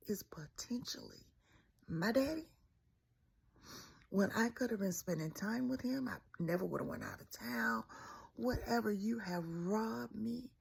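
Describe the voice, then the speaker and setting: A woman's voice: mid-range voice, vocal fry, darkish tone, slightly rough. A young woman from Mississippi, telling a personal story in a candid, emphatic way.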